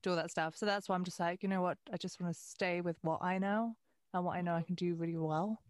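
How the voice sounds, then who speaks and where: A woman's voice: lowish voice, fairly even intonation, fast, dry recording, clean studio sound. A woman host with a British accent asking questions in a casual, enthusiastic interview chat. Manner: enthusiastic, casual, swears lightly. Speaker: podcast host.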